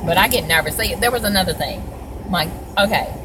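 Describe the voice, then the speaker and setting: A woman's voice: on the low side, animated, a little fast, noisy background. A middle-aged woman talking casually and emotionally from her car, rambling with many fillers and restarts. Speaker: vlogger. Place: parked car.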